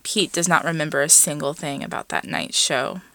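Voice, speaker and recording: A woman reading a story aloud in a measured, hushed narration. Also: sits low, expressive, gravelly, no room sound. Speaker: reader.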